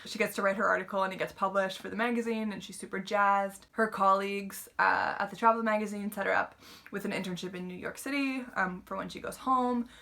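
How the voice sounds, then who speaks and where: A woman talks through a book review in an easy, rambling way, full of "like" and fillers. Her voice is bright and forward, with a gravelly rasp of fry underneath. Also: medium pitch, fairly even intonation, brisk. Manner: chatty, filler-heavy retelling with lots of "like".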